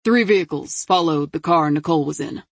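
A woman's voice: deep voice, fairly quick, breathy edge, dry recording. A woman voicing a male detective briefing his team in a matter-of-fact tone. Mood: businesslike. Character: male detective reporting case findings.

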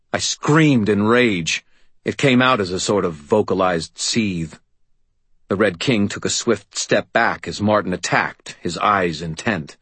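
A man narrating first-person fiction in a steady, measured delivery. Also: low-pitched, husky, no room sound. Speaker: audiobook narrator.

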